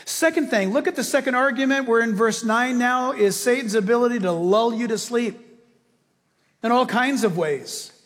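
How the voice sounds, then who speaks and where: A male pastor preaching a sermon with animated storytelling, acting out voices along the way. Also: very high voice, moderate pace. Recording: long reverb of a large hall.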